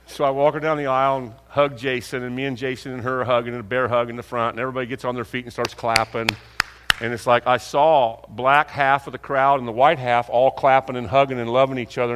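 A man's voice: mid-range voice, a bit bright. An older man preaching a folksy storytelling sermon, talking conversationally to a congregation. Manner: folksy, conversational, acts out dialogue. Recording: long hall reverb.

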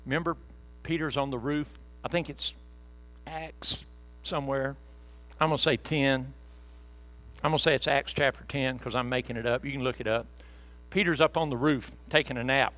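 A man's voice: medium pitch, normal speed, a bit bright, low-quality recording. A man preaching a sermon as pastor, folksy and conversational with joking asides to the congregation.

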